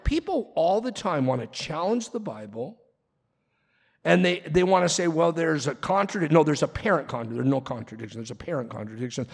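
Animated pastor preaching in an echoing hall. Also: male voice, a little high. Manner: animated preaching with quick asides and acted-out quotes. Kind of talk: sermon. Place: church sanctuary. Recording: long reverb of a large hall.

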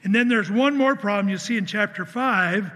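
At a moderate pace, a man with a high-sitting, sharp voice preaches earnestly, sharing a personal story. He dramatizes the dialogue and frequently restarts his sentences, and the recording has long hall reverb.

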